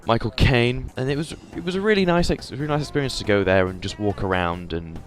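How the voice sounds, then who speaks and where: A man's voice: medium pitch, fast, soft background music. A young man from England with an English accent, narrating his trip photos in a chatty, hesitant voice-over full of fillers. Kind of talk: casual voice-over commentary.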